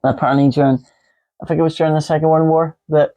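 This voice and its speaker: A man's voice: on the high side, little pitch movement, quick pace, mellow. A man co-hosting a casual podcast, rambling and joking with lots of fillers. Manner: rambling, jokey, many fillers. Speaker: podcast co-host. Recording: dull lo-fi podcast audio.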